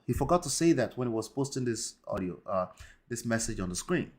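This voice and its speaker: A man's voice: medium pitch, a little fast. A man hosting a commentary show, talking emphatically and tagging points with rhetorical questions. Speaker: host.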